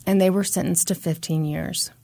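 A woman's voice: lowish voice, steady tone, normal speed, vocal fry, warm tone, no echo. A woman hosting a podcast, telling a true crime story in a conversational way with wry asides. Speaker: podcast host.

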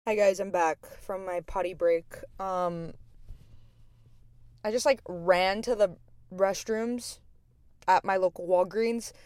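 A woman's voice: mid-range voice, takes it slowly, pauses often, clean tone, no room sound. Chatty young woman podcast host, dry sound. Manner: rambling, profane, filler-heavy; expressive storyteller. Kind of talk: casual monologue.

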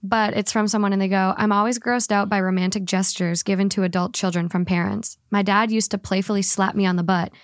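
A woman hosts a relaxed podcast chat, reading listener comments aloud and reacting with gossipy frankness. Her pitch sits in the middle, and the recording is dry and close. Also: fairly quick, few pauses, dry recording. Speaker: podcast host. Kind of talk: casual chat.

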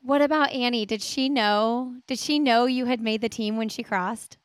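A woman hosting a running podcast, her voice a little high and very smooth. The sound is dry and close. She asks questions in an encouraging way. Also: steady tone, normal speed, no room sound. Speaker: podcast host. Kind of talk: podcast interview.

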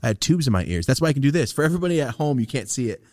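A young podcast co-host with a medium-pitched voice talks very fast in casual chat, recounting how he got over a sinus infection. He tells it with animation, swears a lot and acts out what others said. The studio-quality recording has no room sound.

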